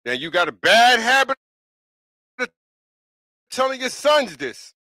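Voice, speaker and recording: Blunt, insistent man with a bright voice. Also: extremely high pitch, big pitch swings, a little slow, dry recording. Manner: blunt, emphatic and repetitive, with frequent "you know what I'm saying". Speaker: podcast talk show host. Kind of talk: casual opinion monologue.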